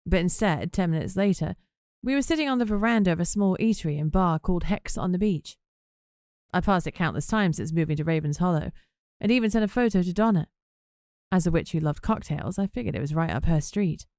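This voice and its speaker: A woman's voice: on the low side, animated, fairly quick, a little mellow, no echo. Female audiobook narrator, wry first-person read, dry booth sound.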